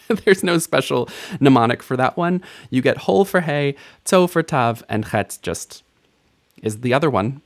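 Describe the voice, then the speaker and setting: A man's voice: medium pitch, lively intonation, unhurried. A man teaching a recorded language lesson, playful and self-mocking, laughing at his own jokes.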